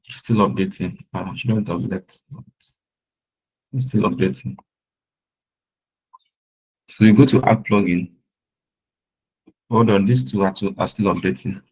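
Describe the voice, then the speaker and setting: A man's voice: fairly low pitch, a little slow, pauses often, a little mellow, breathy edge, poor audio. A man teaching a live web design class, patiently repeating points and often checking that his students are following. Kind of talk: live screen-share tutorial.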